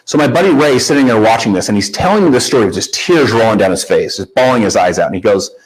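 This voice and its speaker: A man's voice: lowish voice, lively intonation, quick pace, breathy edge, low-quality recording. A man speaking at a workshop, telling a friend's emotional story with a lot of restarts and repeated words.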